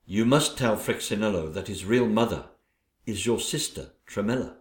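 A man's voice: lowish voice, expressive, normal speed. A man acting in an amateur audio drama with a theatrical, menacing delivery. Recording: echoey room.

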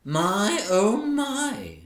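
A man's voice: high voice, wildly swooping pitch, drawn-out words, full character voice. A man playing a catty, vain ugly stepsister in a pantomime stage comedy, with a camp, teasing sing-song delivery. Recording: echoey stage recording.

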